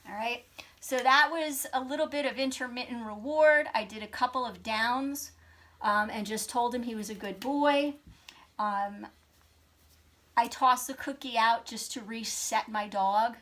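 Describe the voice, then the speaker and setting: Woman, dog trainer, upbeat commands, fairly high pitch, bright voice. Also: a little slow. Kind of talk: casual training demonstration.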